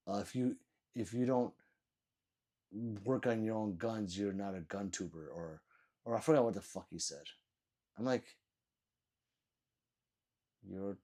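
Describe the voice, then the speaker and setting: A man's voice: medium pitch, dark tone. Sleepy, profane man ranting on stream. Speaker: live streamer. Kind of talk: casual live-stream rant and chat reading.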